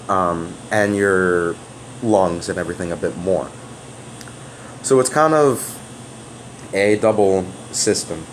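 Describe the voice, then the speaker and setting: Man, lowish sonorous voice, casual off-camera explainer, halting and full of restarts. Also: slight background noise, rough recording. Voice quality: open, sonorous voice. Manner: rambling and hesitant, with many fillers and restarts. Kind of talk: casual spoken explanation to a viewer. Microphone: off-camera voice recording.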